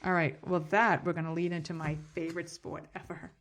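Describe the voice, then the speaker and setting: A woman's voice: lowish voice, fairly quick. Blunt, teasing woman podcast co-host. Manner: blunt, animated storyteller who swears and teases. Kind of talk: casual chat.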